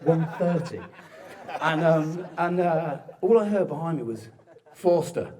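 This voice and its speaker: A man's voice: a little high, animated, unhurried, darkish tone. A young man from giving a joking, self-mocking groom's speech at a wedding reception, often breaking into laughter. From southern England. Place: wedding reception hall with guests. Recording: crowd noise of a reception. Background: guests laughing and chatting.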